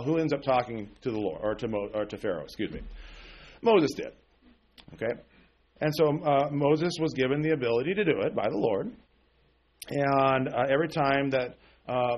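A man's voice: medium pitch, lively intonation, normal speed, lo-fi sound. A man preaching a conversational sermon, often asking the congregation questions and checking in with "okay?". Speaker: pastor.

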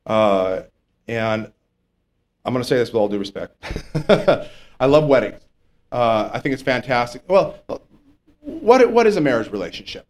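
A man preaching a sermon in a conversational way, often checking in with his listeners and swinging between loud and soft. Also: mid-range voice, animated, moderate pace.

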